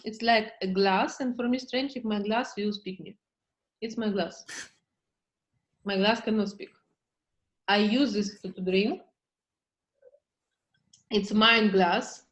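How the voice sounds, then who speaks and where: A woman therapist coaching a client in slow, halting English with many fillers. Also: mid-range voice, steady tone, a bit bright, poor audio. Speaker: therapist leading a session.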